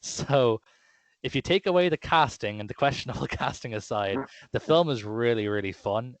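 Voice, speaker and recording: Enthusiastic and casual, a male podcast co-host discusses films with plenty of fillers and restarts. His mid-range voice has lively intonation and a moderate pace, with no echo in the recording.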